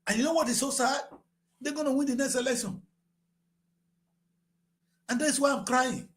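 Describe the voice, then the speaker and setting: A man in his sixties with a Nigerian English accent, giving impassioned political commentary that swings from grave and low to shouting. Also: normal speed. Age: 60s.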